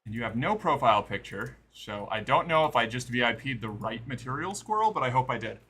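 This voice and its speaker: A man's voice: medium pitch, expressive, brisk, pushed and bright, slightly rough. A man streaming live, chatting casually to his viewers while playing a game. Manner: chatty, talks to chat while playing and exercising.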